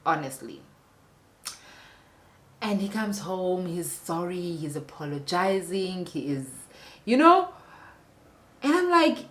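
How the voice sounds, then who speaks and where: A woman's voice: lowish voice, very animated, slow pace, pauses often, fairly bright tone. A young South African woman telling a personal story to her viewers in a casual vlog, emphatic and talking straight to them. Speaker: vlogger.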